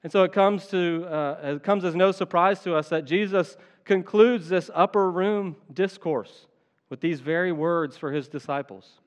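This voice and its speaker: A man with a slightly raised pitch delivers a sermon as pastor. He speaks earnestly and with emphasis, stretching important phrases out slowly. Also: big-room sound.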